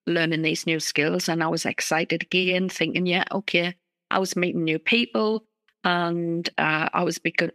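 A middle-aged woman, a guest in an interview, telling a personal story in an earnest, halting way with many restarts. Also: lowish voice, creaky, fairly bright tone, no room sound.

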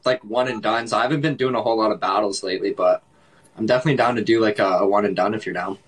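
A man's voice: on the low side, racing, breathy edge, low-quality recording. A man with a Canadian accent chatting casually on a livestream, laid-back and laughing often, with lots of "like". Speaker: livestream host.

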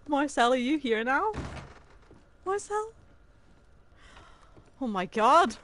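A young adult woman streaming a video game in casual chat, excitable and dramatic, often gasping and laughing. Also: sits high, slow, long pauses.

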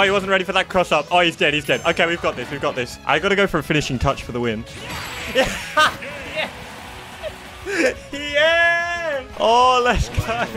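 A young man giving excitable live gameplay commentary, laughing often and shouting at big moments. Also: a little high. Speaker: gaming YouTuber.

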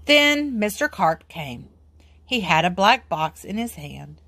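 A woman reading a children's book aloud in an expressive, sing-song way. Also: mid-range voice, slow pace, dry recording. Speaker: storybook reader.

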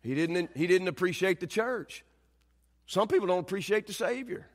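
A male pastor preaching a sermon, telling stories with shouted quotes and then dropping to quiet, earnest delivery. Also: high-pitched, animated, moderate pace. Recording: long reverb of a church hall.

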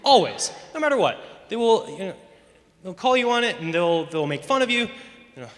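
On the stage of a big school auditorium, a teen boy performs stand-up for a talent show, rambling and poking fun at himself with plenty of "you know." His voice sits high with big pitch swings and a slightly quick pace, and the hall is echoey.

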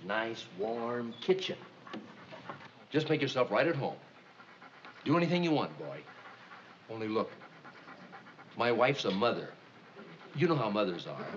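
An actor playing a flustered, good-natured young husband in a 1960s sitcom, coaxing and pleading with comic patience. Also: male voice, fairly low pitch, a little hiss or hum. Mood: soothing. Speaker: comedy writer husband in a sitcom. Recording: dull 1960s TV soundtrack with roomy echo and laugh track. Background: studio audience laughter.

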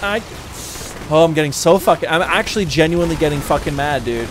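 A man's voice: a little high, a little fast. Swearing, exasperated male streamer. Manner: profane, exasperated ranting and yelling. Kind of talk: live gameplay commentary. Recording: game audio noise behind. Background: game gunfire and vehicles.

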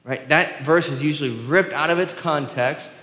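A man's voice: fairly high pitch, normal speed, bright, forceful tone. Southern pastor guy preaching, pokes fun at himself, asks the crowd stuff, super echoey room. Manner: self-deprecating, joking with the congregation; asks the crowd rhetorical questions. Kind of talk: sermon. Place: church sanctuary. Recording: echoey church hall with long reverb.

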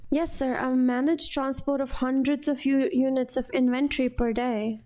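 A woman's voice: sits high, fairly even intonation, normal speed, dark tone, natural voice. A woman reading an earnest job-seeking husband. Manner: polite, earnest pleading. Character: worried immigrant husband, job seeker.

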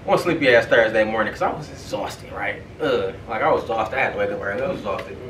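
A young man hosting a podcast, telling a story in a casual, profane, animated way and often checking in with "right?". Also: lowish voice, fast talker, noisy background. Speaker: podcast host. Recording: echoey room, far from the mic.

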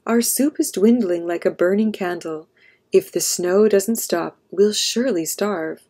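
A woman's voice: medium pitch, measured pace, dark tone. A woman voicing an anxious, frugal mother in a storybook.

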